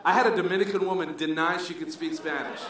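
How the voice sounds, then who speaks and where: A middle-aged man from Colombia doing an animated stand-up comedy set, switching between English and Spanish to act out people. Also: fairly high pitch, fast talker, far from the mic. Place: comedy club stage with live audience. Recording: echoey club recording with crowd noise.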